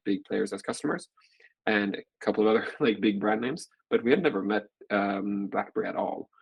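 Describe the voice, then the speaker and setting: A man in his forties tells a long, rambling story as an interview guest, filling it with constant "like" fillers. His voice is low, husky and gravelly with fry. He talks at a quick clip. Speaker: guest, venture capital partner.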